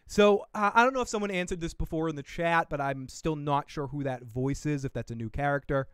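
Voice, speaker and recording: Reviewing a trailer on his casual podcast livestream, a man rambles, swears freely, laughs, and talks to himself. His voice sits on the high side, a bit bright, clear, and resonant, and he speaks a little fast. The studio sound is clean with no echo, and faint music plays behind him.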